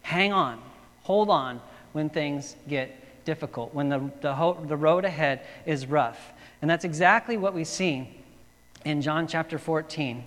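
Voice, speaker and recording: A pastor preaches in an easygoing, storytelling way, full of fillers and little restarts. His man's voice sits a bit higher than usual. It rings with a long reverb, as in a large hall. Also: a bit bright. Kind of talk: sermon.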